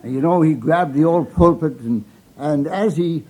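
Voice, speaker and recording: A man's voice: a little high, moderate pace, darkish tone, poor audio. An older man with a Newfoundland accent telling folksy humorous stories, chuckling at his own punchlines. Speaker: storyteller. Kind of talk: live humorous storytelling.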